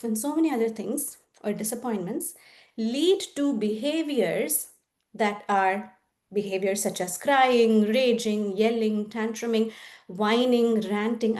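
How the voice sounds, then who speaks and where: A woman with a fairly high voice leads a parenting presentation. She speaks in an engaging way and often asks the audience rhetorical questions. She slips into the voices of parents and children to act out everyday scenes. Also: darkish tone. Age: adult. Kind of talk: educational presentation.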